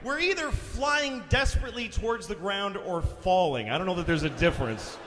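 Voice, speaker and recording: A man telling a story in stand-up, animated and profane, shouting the big moments. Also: high voice, a little fast, big-room sound, heavy background noise. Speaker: stand-up comedian.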